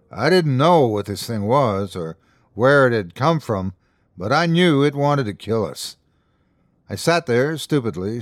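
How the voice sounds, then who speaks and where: A man tells a scary story in a dramatic, drawn-out way, his pitch swinging widely from line to line. The sound is dry and close, with no room around him. He sits in a mid range for a man. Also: dry recording. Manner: dramatic, slow suspenseful delivery. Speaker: host and narrator. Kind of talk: scripted horror story narration.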